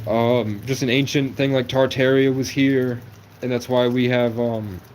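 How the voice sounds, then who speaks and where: Man in his 20s, New England, livestreamer; rambling, conspiratorial monologue in a flat delivery. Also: mid-range voice, a little slow, slight background noise. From New England, USA. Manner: rambling, conspiratorial, jumps between topics.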